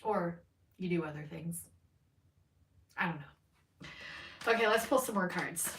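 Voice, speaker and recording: A woman's voice: lowish voice, a little slow, fairly bright tone, slight background noise. A woman doing a live-streamed tarot card reading, chatting in a rambling, candid way, swearing freely and laughing often. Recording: roomy sound from a mic at a distance.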